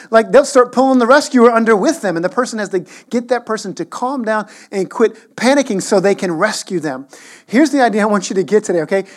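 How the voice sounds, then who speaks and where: A man in his thirties preaching a sermon as a pastor, conversational and animated, with playful asides. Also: high voice.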